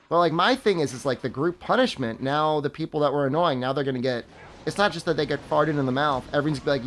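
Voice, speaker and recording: Quick-paced and fairly bright, his mid-range voice carries over slight background noise. He's a young gamer on a live stream, chatting casually with viewers, rambling sarcastically and laughing at his own jokes.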